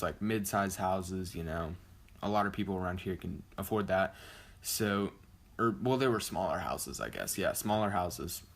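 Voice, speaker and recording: A young man telling a story casually on his vlog, rambling and correcting himself, with lots of "like" and "you know". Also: sits low. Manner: rambling, self-correcting, heavy use of "like". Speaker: vlogger.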